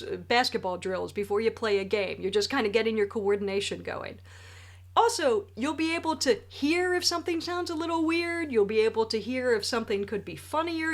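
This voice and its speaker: A woman in her forties, a wedding speech writer, gives jokey, emphatic tips straight to the camera. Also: fairly high pitch. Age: 40s. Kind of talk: direct-to-camera tips video. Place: home studio with a ring light.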